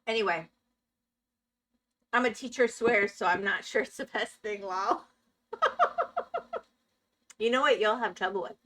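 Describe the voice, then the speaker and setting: Bright-voiced woman streaming casually. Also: medium pitch, measured pace, long pauses. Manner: chatty, answers chat, laughs often. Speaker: Minecraft streamer. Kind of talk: casual live-stream chat while gaming.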